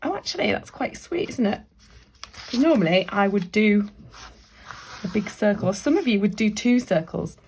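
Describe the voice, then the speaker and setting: A woman talks children through a drawing craft in a chatty, encouraging way. Her voice has a gravelly edge and a lively, bouncing pitch. Now and then she slips into a soft whisper. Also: moderate pace, pauses often, slight background noise. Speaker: library staff member leading a craft activity.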